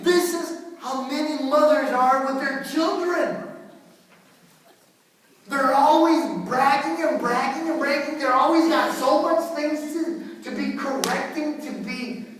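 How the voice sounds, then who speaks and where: A male priest preaches in an animated, joking way, often repeating himself. His voice carries a long reverb and sounds distant from the microphone, as in a large church. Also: very high-pitched, a little slow. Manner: animated, repetitive, joking storyteller. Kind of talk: sermon. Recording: echoey hall, far from mic.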